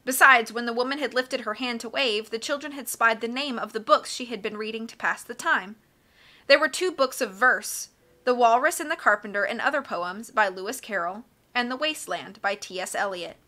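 A woman reading a storybook aloud in a bright, fairly high voice. Her narration is lively and expressive, and she corrects small slips as she goes. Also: moderate pace. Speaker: audiobook reader.

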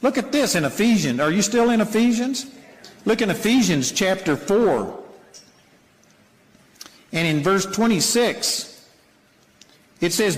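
Older preacher, high lively voice, folksy sermon delivery in a reverberant hall. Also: male voice, a little slow, pauses often. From Texas. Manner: animated, folksy storytelling with mock voices.

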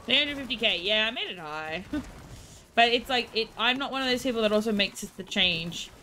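Australian woman streamer, playful and giggly, slightly high voice, faint background hiss. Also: expressive, moderate pace, bright, forceful tone. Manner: playful, laughs often, baby-talks to her dog. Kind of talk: casual chat with viewers.

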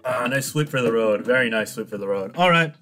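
A man's voice: medium pitch, brisk, fairly bright tone, faint music behind. Cocky young man commentating a game. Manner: cocky, teasing, laughs often. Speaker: gaming YouTuber. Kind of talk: casual live game commentary.

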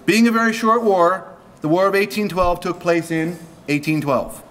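A man's voice: high voice, fairly even intonation, normal speed, background noise. A man from Canada giving a joking wedding speech at a reception, reading prepared lines with humor. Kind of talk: wedding toast.

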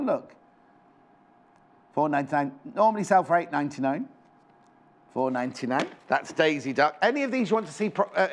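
A chatty man hosts a live TV shopping show from a studio, talking on a clip-on mic. His voice sits fairly high for a man and swoops up and down with lively energy as he fusses over each item he shows. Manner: chatty, bubbly, fussing over items on show. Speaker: shopping channel presenter. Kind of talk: live TV sales chat. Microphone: clip-on microphone.

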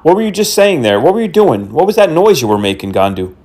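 Guy trolling a scammer on the phone, talks fast, mocking and playing dumb. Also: fairly high pitch, very animated, noisy background. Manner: mocking, teasing, playfully fake-naive. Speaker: scam-baiting prankster host. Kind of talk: prank phone call.

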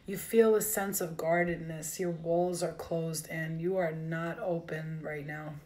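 A woman's voice: deep voice, fairly even intonation, a little slow, a little mellow. A woman giving a live tarot reading, emotional and direct, speaking straight to her viewers. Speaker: tarot reader.

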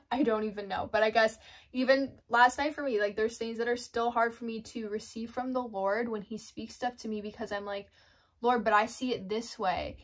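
A woman giving a casual devotional talk, chatty, laughing often and acting out her own inner thoughts. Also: medium pitch. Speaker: Christian devotional vlogger. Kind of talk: casual faith talk to camera.

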